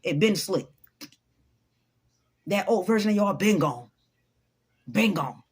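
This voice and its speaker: A woman's voice: medium pitch, lively intonation, slow, breathy edge. A woman giving an unscripted motivational talk to her followers, blunt, profane and preachy. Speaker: motivational vlogger.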